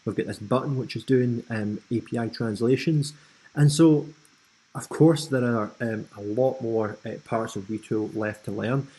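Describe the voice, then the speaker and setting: A Scottish man from Scotland hosting a screen-recorded software tutorial, explaining in a casual, friendly way with frequent ums and asides. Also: mid-range voice, unhurried, breathy edge, poor audio. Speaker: tutorial host.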